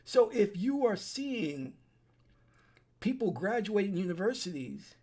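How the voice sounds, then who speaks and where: A man's voice: sits high, very animated, unhurried, a little mellow. A man giving an urgent, preachy solo monologue to his desk webcam, repeating his points and restarting his sentences. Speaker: online commentator. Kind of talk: solo warning monologue to camera. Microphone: webcam setup at a desk.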